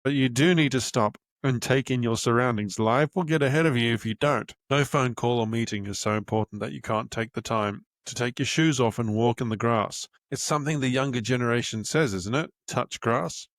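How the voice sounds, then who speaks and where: A man's voice: medium pitch, fairly quick, hardly any pauses, no room sound, clean studio sound. A young man hosting a podcast, reading aloud from his own book with casual, candid asides and the odd swear word. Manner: candid and casual, swears freely, stops to find his place. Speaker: podcast host and author.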